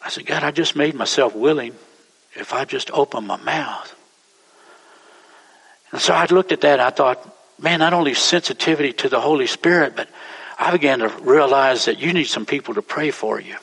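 A pastor with a bright, forceful edge to his voice preaches in a folksy, rambling manner, circling back over his words. His sermon rings out with a long reverb, as if recorded in a church hall. His pitch sits in a middle range for a man. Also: moderate pace, creaky, slightly rough. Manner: folksy, rambling, repeats himself. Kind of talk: sermon storytelling.

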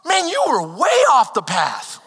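A man preaching a sermon as pastor, telling stories with animation and building to shouted calls to the congregation. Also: very high-pitched, measured pace, slightly rough. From Texas. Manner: animated storytelling, rising to shouted exhortation. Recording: long hall reverb.

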